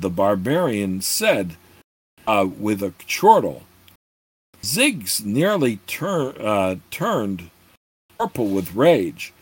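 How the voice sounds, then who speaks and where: A man's voice: fairly low pitch, sing-song, slow pace, breathy edge, no room sound. A man reading a fantasy novel aloud in a hesitant way, often stumbling and restarting words. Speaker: narrator.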